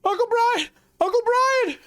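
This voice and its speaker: A man voicing a frightened young girl in a tabletop game, shrill and worried. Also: fast talker, clear, resonant tone, no room sound, natural voice. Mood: screaming.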